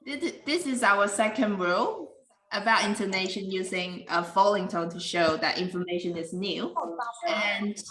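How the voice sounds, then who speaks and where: Bright-voiced woman teaching English online. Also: mid-range voice, roomy sound, poor audio. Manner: explains slowly and patiently. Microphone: video call.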